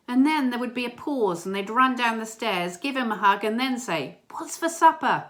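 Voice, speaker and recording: Earnest woman giving a church talk. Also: mid-range voice. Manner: gentle, earnest, with small hesitations. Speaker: church member sharing a prayer message.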